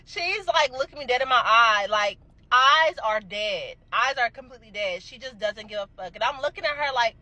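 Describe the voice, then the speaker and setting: A young adult woman telling a casual storytime, animated and emphatic, swearing freely. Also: fairly high pitch, unhurried, poor audio.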